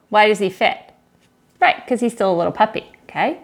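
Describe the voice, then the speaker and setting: A woman reading a children's book aloud in a lesson, saying each line slowly and clearly, then quickly and softly prompting the child to read along and praising them. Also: mid-range voice, lively intonation. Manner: encouraging, asks simple questions. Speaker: teacher reading with a young child.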